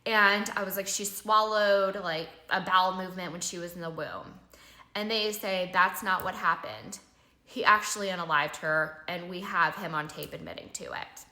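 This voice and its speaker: A young woman telling a personal story casually, animated and full of "like", acting out quoted dialogue. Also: lowish voice, normal speed. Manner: animated, filler-heavy "like" retelling with quoted dialogue. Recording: echoey room.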